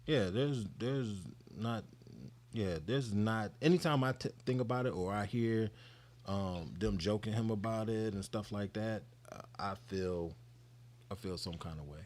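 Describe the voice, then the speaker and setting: Low-voiced, earnest man in casual talk. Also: measured pace, darkish tone. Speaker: regular co-host. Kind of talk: casual chat.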